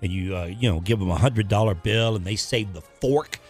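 A man's voice: lowish voice, normal speed, soft background music. A man co-hosting a talk show, bantering casually with a wry, joking manner.

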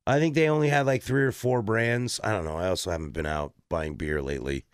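A man's voice: steady tone, a little fast, clear, resonant tone, no room sound, studio quality. A man from the co-hosting a podcast in casual chat, talkative and self-deprecating. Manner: chatty, self-deprecating, acts out quotes in a low voice. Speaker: podcast co-host.

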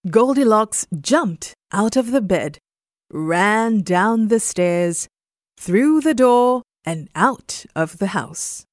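Slow, expressive woman reading a bedtime story. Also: medium pitch, dry recording, clean studio sound. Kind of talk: scripted bedtime story narration.

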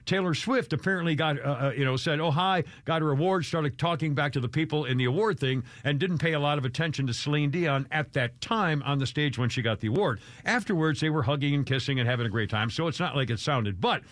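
A man's voice: a little high, quick pace, hardly any pauses, fairly bright tone, no room sound, studio quality. A man hosting a radio show in casual banter, rambling and joking, laughing often.

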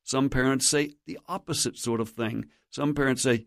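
A man's voice: mid-range voice, fairly even intonation, moderate pace, gravelly, few pauses, dry recording, studio quality. A man teaching in an earnest, preacherly way as a guest on a Christian radio talk show, exhorting listeners directly. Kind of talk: sermon-like teaching.

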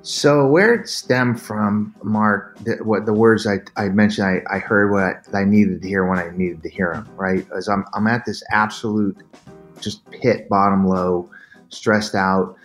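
Earnest low-voiced man telling his story. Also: unhurried, soft background music. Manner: earnest, animated retelling with acted-out quotes. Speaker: podcast guest, endurance athlete. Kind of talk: candid storytelling interview.

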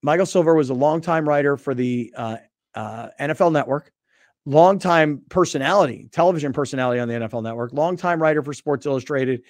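A man hosting a sports radio show, telling stories in a casual, animated way and acting out both sides of old arguments. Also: fairly high pitch, brisk, no echo. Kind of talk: casual storytelling chat.

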